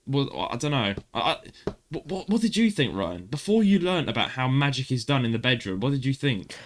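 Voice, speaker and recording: A man's voice: mid-range voice, sing-song, a little fast. A young man co-hosting a casual podcast, telling stories animatedly and mimicking voices. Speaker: podcast co-host. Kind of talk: casual chat.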